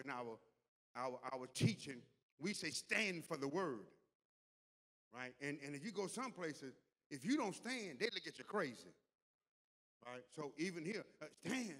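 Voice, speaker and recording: A pastor delivering a sermon in a church, with call-and-response, repeated words and rising intensity. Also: male voice, medium pitch. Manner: call-and-response preaching, repeats words, builds to loud climax. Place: large church hall. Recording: long hall reverb.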